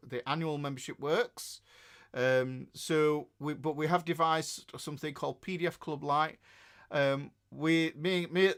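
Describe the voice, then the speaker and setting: Chatty northern English man, slightly high voice. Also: fairly bright tone. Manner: rambling and chatty, with many fillers and restarts. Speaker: guitar teacher hosting a livestream. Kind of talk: casual livestream chat, reading out viewer comments.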